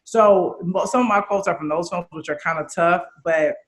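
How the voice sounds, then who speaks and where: A woman's voice: lowish voice, normal speed. A woman in her thirties from Chicago, a guest in a casual interview, talking candidly and animatedly and swearing freely. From Chicago, USA. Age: 30s.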